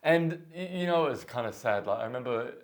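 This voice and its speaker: Male podcast host, casual storyteller, medium pitch. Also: quick pace. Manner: animated anecdotes, many restarts.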